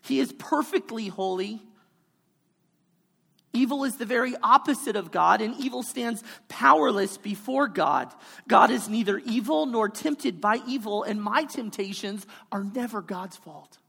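A woman's voice: fairly high pitch, a little slow, gravelly, a bit bright, husky. A woman preaching a sermon in an emphatic, repetitive cadence, building her points line by line. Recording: hall reverb.

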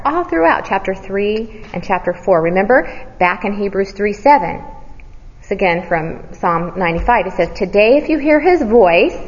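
A woman preaching a sermon. She asks the listeners questions and answers them herself, and she sometimes drops to a hushed near-whisper for emphasis. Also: medium pitch. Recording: dull audio with long hall reverb.

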